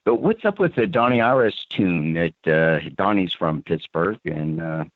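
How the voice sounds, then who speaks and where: A man from central Pennsylvania calls in to a show and rambles casually, using plenty of fillers. His voice is low-pitched and expressive at a measured pace, with no echo, though the phone line sounds tinny.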